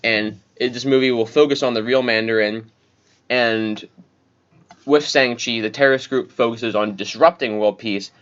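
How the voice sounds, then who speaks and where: A man's voice: medium pitch, fairly even intonation, moderate pace, fairly bright tone, clean tone. A man co-hosting a casual podcast, reading out movie details in a chatty way. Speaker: podcast co-host. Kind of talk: casual chat, reading notes. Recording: dull lo-fi audio.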